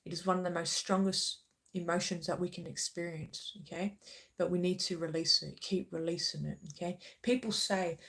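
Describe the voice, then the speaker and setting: A woman's voice: lowish voice, fairly even intonation, normal speed, gravelly, fairly bright tone. A woman hosting a spiritual channel, speaking earnestly and passionately to her viewers, often checking in with "okay?". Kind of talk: emotional spiritual talk to viewers.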